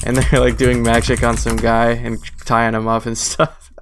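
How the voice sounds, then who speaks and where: A man's voice: mid-range voice, completely flat delivery, moderate pace, faint music behind. A man co-hosting a podcast in a casual chat, easygoing and enthusiastic. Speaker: podcast co-host.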